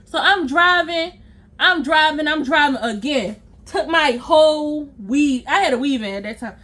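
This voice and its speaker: A woman vlogger telling a personal story in an animated, emphatic and profane way, acting out scenes with sound effects. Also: sits high, a little slow.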